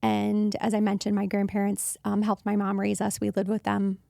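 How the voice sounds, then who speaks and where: A woman in her thirties hosting a podcast, telling a personal story in a casual, animated way and acting out the voices of people she quotes. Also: normal speed, creaky, no room sound, studio quality. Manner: animated, acts out quoted voices with jumps in pitch. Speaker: podcast host.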